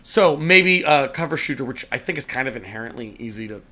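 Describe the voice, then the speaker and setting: Male podcast co-host, lively pitch, casual and jokey with the odd swear. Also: fairly quick. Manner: animated, joking, swears casually. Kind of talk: casual chat about video games.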